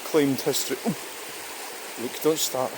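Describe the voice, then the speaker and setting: A man's voice: mid-range voice, fairly even intonation. A Scottish man chatting casually as he walks outdoors by a river, rambling, swearing now and then, and talking to the camera. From Scotland. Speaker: vlogger. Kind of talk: casual walking vlog talk. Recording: rushing stream noise outdoors.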